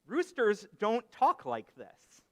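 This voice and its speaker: A man's voice: sits high, wildly swooping pitch, slow pace, fairly bright tone, pitched above the performer's own voice, exaggerated voice. A man voicing a puzzled young rooster prince. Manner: puzzled, questioning. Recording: echoey hall reverb.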